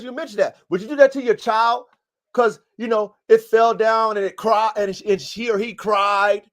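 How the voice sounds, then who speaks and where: A man hosting a casual livestream podcast about dogs, talking in a profane, emphatic, preaching way. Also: high voice. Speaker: podcast host and dog breeder.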